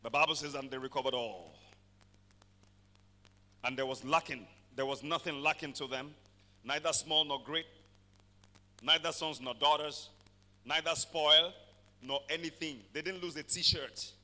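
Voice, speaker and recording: A man preaching a sermon, swinging from quiet passages to shouted declarations and calling for amens. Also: on the high side, measured pace, pauses often, in a large hall. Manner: calls for amens from the congregation. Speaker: pastor.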